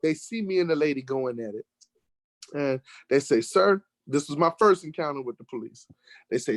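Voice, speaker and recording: An American man telling a lively road-trip story in casual conversation, getting worked up when he acts out arguments. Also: a little high, normal speed, no echo. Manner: animated storyteller, rising sharply when acting out arguments. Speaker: guest telling a travel story. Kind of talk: casual storytelling in an online talk show.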